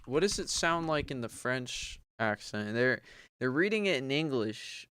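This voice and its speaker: A man's voice: medium pitch, animated, bright, forceful tone, smooth. A man streaming himself reading a book aloud, stumbling over hard words, retrying them and swearing casually. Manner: slow, halting read-aloud with stumbles, retries and casual swearing.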